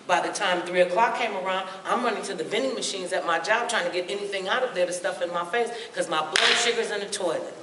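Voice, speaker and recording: A woman's voice: medium pitch, fast talker, hardly any pauses. A woman giving a humorous, sassy health talk to a live audience, acting out little voices as she goes. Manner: sassy, lively, acts out voices. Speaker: motivational speaker. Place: large hall with audience. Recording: echoey hall, mic from far off, noisy.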